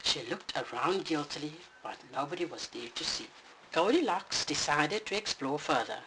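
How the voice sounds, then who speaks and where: Expressive bedtime story narrator. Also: mid-range voice, normal speed, slight background noise, low-quality recording.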